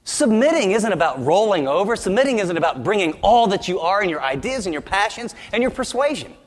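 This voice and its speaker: A man's voice: high voice, sing-song, fairly quick, in a large hall. A man preaching a sermon as pastor, emphatic and with humorous asides.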